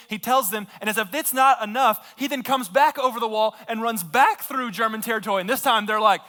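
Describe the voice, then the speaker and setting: A man's voice: very high-pitched, brisk, hardly any pauses, sharp tone. A man preaching a sermon as a pastor, retelling a story casually and with lots of fillers. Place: church sanctuary. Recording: long reverb of a large hall.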